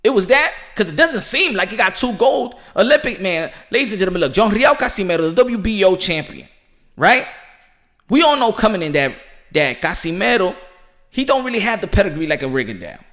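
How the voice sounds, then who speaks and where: A man hosting a boxing podcast from home, talking in an excitable, slangy monologue and often saying "ladies and gentlemen". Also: high-pitched, fairly quick. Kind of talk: animated boxing commentary monologue. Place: home room with children nearby. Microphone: home setup.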